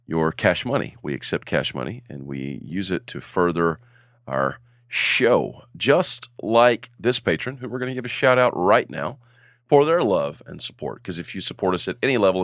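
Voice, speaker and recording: A low-pitched man with a fairly bright tone hosts a tabletop game podcast as game master, joking, rambling and laughing a lot while on allergy medication. The talk is a casual chat and game recap, recorded clean in a studio with no echo.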